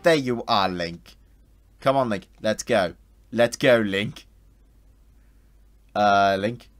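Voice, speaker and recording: Sarcastic, slow-talking man playing a game. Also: lowish voice. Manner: sarcastic, laughs often. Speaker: let's play gamer. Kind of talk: gameplay commentary. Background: loud game music.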